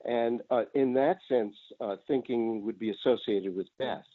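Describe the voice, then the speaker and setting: A man calling in to a reading group, offering an observation in a halting, tentative way with many pauses. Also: mid-range voice, dry recording. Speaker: caller. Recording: tinny phone line, dry.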